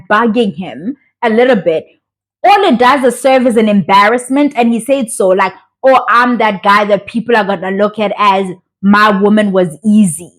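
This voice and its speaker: A young woman from South Africa with a sore throat, chatting in an animated, opinionated way as she reviews a reality show. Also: a little high. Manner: animated and opinionated, acts out the cast members' voices. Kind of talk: casual chat, reviewing a show.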